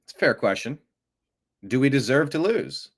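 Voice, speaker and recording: A man's voice: medium pitch, big pitch swings, moderate pace. A man hosting a news commentary show, talking casually with an amused, rambling manner and frequent restarts. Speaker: show host.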